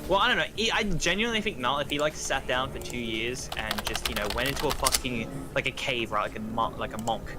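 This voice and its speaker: A man's voice: medium pitch, a little fast, hardly any pauses, loud music behind the voice. A man hosting a live stream, talking in a laid-back, rambling way with frequent swearing. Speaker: streamer host. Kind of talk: casual live stream chat.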